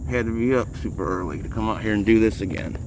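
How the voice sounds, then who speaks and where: A man with a lowish voice talks fast in a casual, rambling vlog as he films street cats he cares for outdoors on a handheld phone. He's slightly out of breath, and background noise is audible.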